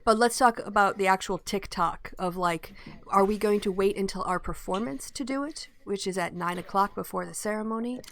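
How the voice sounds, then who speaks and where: A woman playing a tabletop game, talking quickly and pushing the group to plan their move. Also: medium pitch, a crowd in the background. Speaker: player. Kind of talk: casual tabletop game planning.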